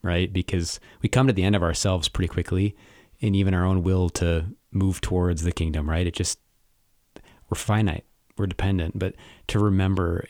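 A man co-hosting a church podcast, speaking in a reflective, measured way. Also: low voice, steady tone, darkish tone, no echo, studio quality. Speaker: pastor co-host.

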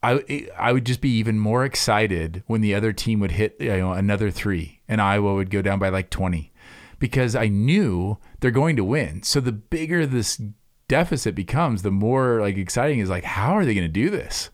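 Deep-voiced earnest man. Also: expressive, normal speed, dry recording, studio quality. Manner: earnest, many fillers and restarts. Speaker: pastor co-host. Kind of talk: church podcast conversation.

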